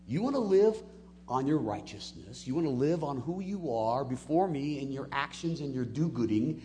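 A man preaching a sermon, moving between soft, low asides and loud, emphatic peaks. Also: expressive, normal speed, a little hiss or hum. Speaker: pastor.

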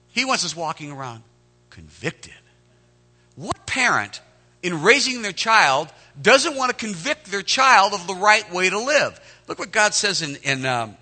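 A male pastor in his forties delivers a heartfelt sermon in a bright, ringing voice pitched slightly high. His delivery is lively and full of movement, rising loud on the key lines before falling back into quiet confiding talk. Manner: swells loud and high on key lines, drops low and soft between; earnest, conversational, confessional.

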